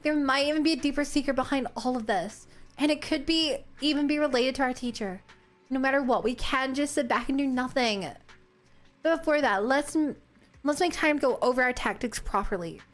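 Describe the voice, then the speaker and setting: A woman voicing a determined young female proxy in a video game, reading the lines quickly and steadily. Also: high voice, faint music behind, close to an everyday voice.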